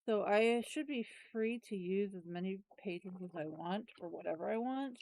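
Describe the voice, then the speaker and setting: A woman's voice: medium pitch, animated, moderate pace, warm tone. A woman chatting casually through a planner walkthrough, tired and yawning, rambling and trailing off with self-corrections. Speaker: planner vlogger.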